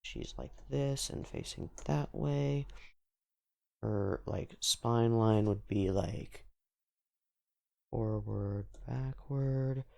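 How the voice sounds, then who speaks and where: A man's voice: mid-range voice, very slow, gravelly, long pauses, a little mellow, dry recording, studio quality. A man thinking aloud in casual commentary while he sketches, rambling and trailing off. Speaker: channel host.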